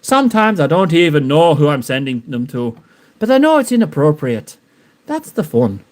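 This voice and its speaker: A man doing a put-on Irish accent as a cheeky, shameless Irishman, talking high and excited and breaking into laughs. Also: normal speed. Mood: gleeful.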